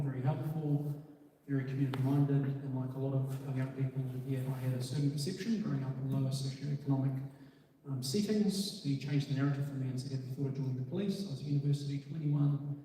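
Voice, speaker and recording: A man's voice: medium pitch, mellow. A man, a police officer giving an earnest, filler-heavy community talk. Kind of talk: community presentation. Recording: echoey hall from far off.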